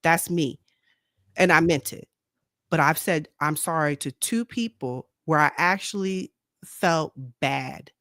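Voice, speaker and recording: A woman co-hosts a casual faith talk show on a streaming microphone, speaking bluntly and outspokenly and repeating her points. Her voice is deep, slow, and fairly bright, with clean studio-quality sound and no echo.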